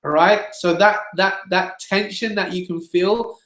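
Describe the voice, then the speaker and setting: A man's voice: high voice, fairly even intonation, a little slow, fairly bright tone, roomy sound. A man teaching singing in a webinar, explaining plainly and demonstrating sounds with his own voice.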